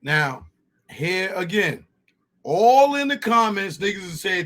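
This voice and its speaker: A man with a high, light voice hosts a casual commentary. He is animated and dismissive and talks in loose street slang. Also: slow pace. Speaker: host.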